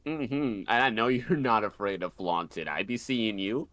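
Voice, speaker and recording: A man's voice: on the low side, normal speed, a bit bright. A man chatting casually on a streamed group call, playful and teasing, laughing often.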